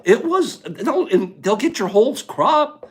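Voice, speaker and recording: A man hosting a casual livestream, chatting to viewers in an animated way and laughing often. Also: very high voice, measured pace. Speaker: livestream host.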